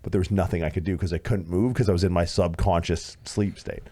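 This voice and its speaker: Guy in his 30s telling a wild story on a podcast, kinda low voice, swears a lot. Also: quick pace. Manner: animated, swearing, acts out quoted voices loudly. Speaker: podcast co-host. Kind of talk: casual storytelling chat.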